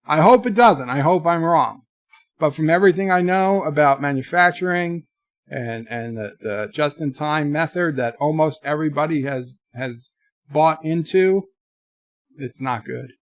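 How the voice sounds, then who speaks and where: A man's voice: a little high, normal speed, no echo, studio quality. A man hosting a casual live stream, rambling about the news and reading chat messages aloud. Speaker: livestream host.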